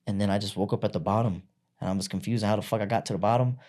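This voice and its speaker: A man's voice: fairly low pitch, steady tone, very fast, a little mellow. A man on a podcast as a guest, telling his own story candidly in blunt, profane everyday speech. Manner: blunt and profane, acts out quoted voices.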